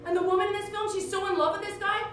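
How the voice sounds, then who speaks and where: A middle-aged woman doing a solo stand-up show, animated, breaking into song and mock voices. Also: very high-pitched, very fast. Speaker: stand-up comedian. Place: theater stage. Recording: distant, echoey stage recording with music.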